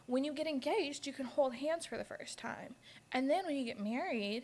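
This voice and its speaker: A young woman hosts a podcast, a little higher than most. She tells stories bluntly, swears freely and laughs through the telling, with quick asides. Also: lively intonation, a little mellow. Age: 20s. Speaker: podcast host. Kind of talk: casual storytelling chat.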